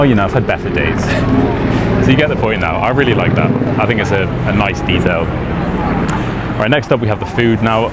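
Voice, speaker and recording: A British man talking casually to camera in a chatty, rambling way, laughing often as he teaches about his country. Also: lowish voice. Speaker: British English teacher and YouTuber. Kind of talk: casual vlog talk. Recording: outdoor street noise behind.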